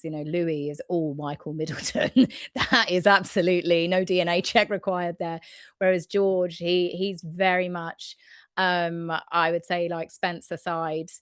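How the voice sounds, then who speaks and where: A woman's voice: on the low side, clear, resonant tone, no echo, studio quality. A woman co-hosting a casual talk show, giving her opinions with laughs. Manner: opinionated, laughs between remarks. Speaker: co-host. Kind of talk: casual chat.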